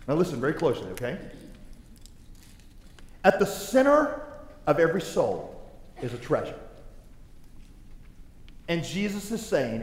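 Animated pastor guy in his 30s, high voice, roomy echoey hall. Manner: animated, humorous storytelling with acted-out voices. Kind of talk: sermon. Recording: echoey hall with long reverb.

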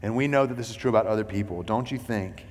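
A man's voice: on the low side, fast talker, darkish tone, long reverb tail. A man preaching a sermon as a pastor. He talks in a loose, conversational way, full of "like" and "you know".

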